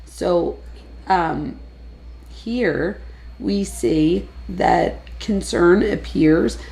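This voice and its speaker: A woman's voice: on the low side, drawn-out words, gravelly, dark tone. A woman giving casual, analytical true crime commentary, chatting freely and lifting her voice when she quotes people.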